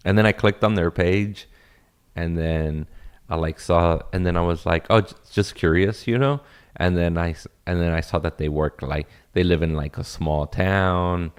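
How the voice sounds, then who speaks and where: Chill comedian guy from LA, low voice, cusses a lot, laughs a bunch. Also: steady tone, moderate pace, clear, resonant tone. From Los Angeles. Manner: laid-back, swears freely, laughs often. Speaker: comedian guest. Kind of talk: casual podcast chat.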